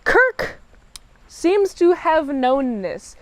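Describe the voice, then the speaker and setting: A woman giving a casual, chatty spoiler review of a TV episode, animated and quick to laugh. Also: sits high. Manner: chatty, animated, laughs often, acts out characters' lines.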